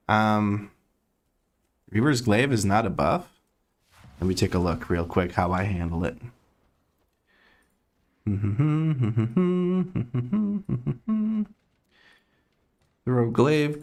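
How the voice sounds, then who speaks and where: A man streaming from home, chatting casually with his audience, laid-back and laughing often as he reads chat aloud. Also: mid-range voice.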